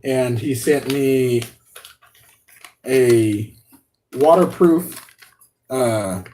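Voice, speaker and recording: A man hosting a live unboxing stream, talking excitedly and rambling with many restarts and laughs. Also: mid-range voice, extremely slow, slight background noise. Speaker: RC hobby channel host.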